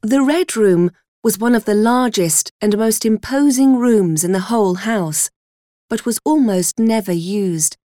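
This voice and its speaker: Slow, deliberate woman storyteller. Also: medium pitch, mellow, dry recording, studio quality. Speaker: audiobook reader. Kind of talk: first-person storybook narration.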